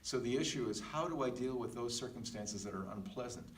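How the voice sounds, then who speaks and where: A man's voice: mid-range voice, animated. A man co-hosting a podcast who chats casually, affirms his partner and laughs easily. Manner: encouraging, quick to laugh and affirm. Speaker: podcast co-host. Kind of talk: casual chat. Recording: roomy, distant mic, faint background hiss.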